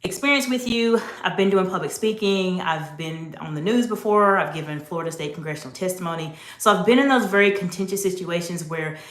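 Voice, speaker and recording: A woman's voice: fairly low pitch, a little fast, hardly any pauses. A woman executive coach giving an instructive talk, speaking directly and emphatically to the viewer. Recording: roomy echo.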